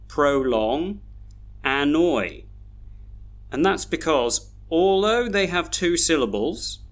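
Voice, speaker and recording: Guy teaching pronunciation, says every word twice real slow and careful. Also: medium pitch, fairly bright tone. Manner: slow, careful modelling of words, each said twice. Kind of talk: scripted video lesson.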